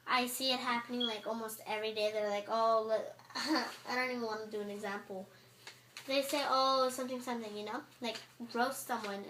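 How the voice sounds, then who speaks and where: A teenage girl vlogging in a casual, chatty way, exasperated and acting out what others say. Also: a little high. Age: teens. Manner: chatty, exasperated, acts out quotes. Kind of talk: casual chat to camera. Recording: echoey room with faint noise.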